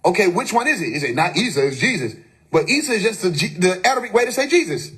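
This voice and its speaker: A man's voice: high-pitched, very animated, fast, fairly bright tone, breathy edge. A man on a phone live stream giving an emphatic, preachy spiritual monologue, full of rhetorical questions and casual swearing.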